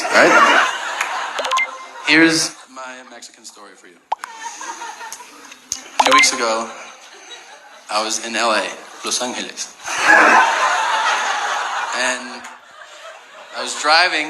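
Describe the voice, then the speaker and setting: A man performing stand-up comedy on a club stage, telling a profane, animated story. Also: mid-range voice. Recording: roomy live stage recording with crowd noise.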